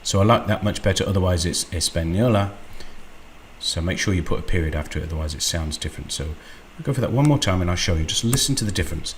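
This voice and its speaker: A man hosting a screen-recorded software walkthrough, unhurried and thinking aloud with frequent ums. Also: sits low, a little hiss or hum. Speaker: tutorial host.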